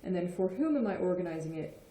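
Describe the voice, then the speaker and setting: A woman's voice: on the low side, animated, fast talker, warm tone, slight background noise. A woman explaining Spanish grammar in a patient lesson, often checking in with "okay?". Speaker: Spanish teacher. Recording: echoey room.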